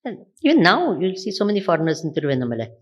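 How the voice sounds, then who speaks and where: A woman's voice: on the low side, sing-song, very fast. A woman with an Indian English accent giving a Vedanta discourse, repeatedly putting questions to her listeners. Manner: asks the audience repeated rhetorical questions. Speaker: spiritual teacher.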